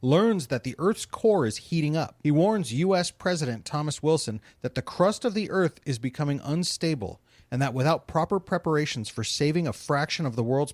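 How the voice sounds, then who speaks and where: A man's voice: medium pitch, dry recording. A man hosting a casual podcast chat, joking and laughing easily with his co-hosts. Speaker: podcast host.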